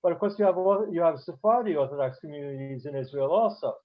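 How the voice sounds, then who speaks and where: A man's voice: fairly high pitch, expressive, quick pace, muffled recording. A man teaching a beginners' Hebrew class online, explaining patiently with frequent fillers.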